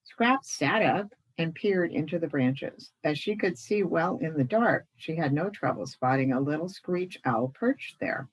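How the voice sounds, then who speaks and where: Animated woman reading a storybook. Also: low-pitched, a little slow, hardly any pauses, slightly rough, rough recording. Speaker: club membership secretary reading a story.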